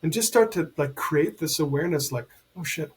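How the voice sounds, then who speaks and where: A man's voice: on the high side, a little fast, husky. A middle-aged man, a podcast guest and healer, chatting casually and animatedly acting out the voices in his stories. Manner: animated storyteller, acts out quoted dialogue. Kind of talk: casual conversation.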